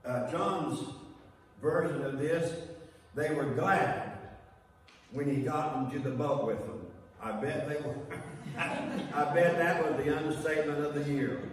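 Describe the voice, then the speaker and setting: A man's voice: a little high, a little slow, pauses often. A man preaching a sermon to a congregation, building points through repeated phrases and now and then calling a listener "honey.". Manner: repetitive preaching cadence, addresses listeners as "honey". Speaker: guest preacher. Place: church sanctuary. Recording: echoey church hall from far off.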